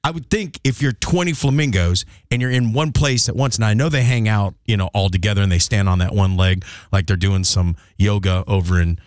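A man's voice: lowish voice, fairly quick, few pauses, dry recording, studio quality. A man hosting a morning radio show, chatting playfully and rambling through odd questions. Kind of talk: casual radio banter.

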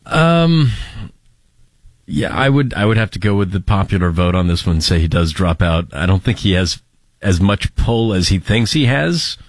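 A man co-hosting a talk show, casual and low-key, sometimes hesitant. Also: big pitch swings, moderate pace, no echo. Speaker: co-host and producer.

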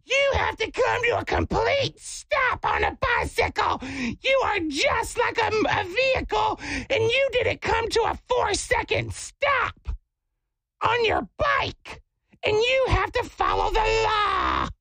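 A man voicing an older woman who shouts and lectures a cyclist about the law, in a high, indignant voice. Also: huge pitch swings, slow pace, creaky, no room sound, heavily acted, poor audio. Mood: shrill scolding.

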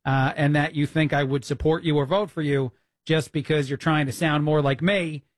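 A man hosts a talk radio show from a dry, close studio mic, his voice sitting a bit high for a man. He rants indignantly with many "uh" fillers and quick restarts. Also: steady tone, no echo. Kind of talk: opinionated talk radio monologue.

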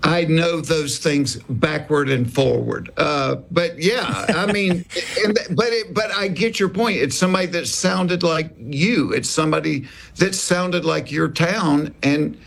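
Gravelly Southern man telling stories. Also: on the high side, unhurried, hardly any pauses. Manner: animated, drawling, acts out quoted voices. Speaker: comedian guest. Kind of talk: casual interview storytelling.

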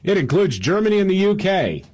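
A male radio talk host with a husky voice, reading news headlines in a conversational way with fillers. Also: sits high, big pitch swings, a little fast, a little mellow.

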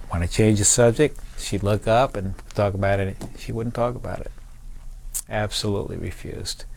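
An older man, a veteran, telling a personal story in a measured, reflective way. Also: on the low side, darkish tone. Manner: measured, reflective, with small restarts.

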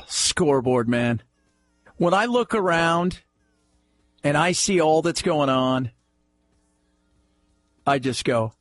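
Animated sarcastic male talk radio host. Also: on the high side, takes it slowly, long pauses, no echo, faint music behind.

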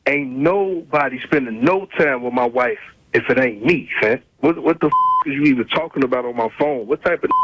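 A man's voice: mid-range voice, husky, dry recording, dull audio. A man, angrily answering a prank call, swearing and repeating himself. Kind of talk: angry phone call.

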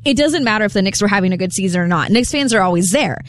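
A woman co-hosting a sports talk show, teasing her co-host with quick banter. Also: medium pitch, expressive, dry recording.

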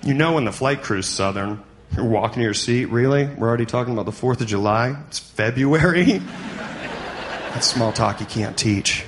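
A man's voice: mid-range voice, normal speed. Conversational male stand-up comic. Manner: conversational, jumps to yelped punchlines. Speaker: stand-up comedian. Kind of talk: stand-up comedy. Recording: noisy comedy club recording.

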